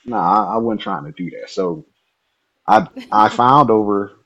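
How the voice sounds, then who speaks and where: A man from Nebraska, a podcast guest, telling a story in an animated way, laughing often and acting out the dialogue. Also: lowish voice, a little slow, lo-fi sound. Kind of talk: casual storytelling.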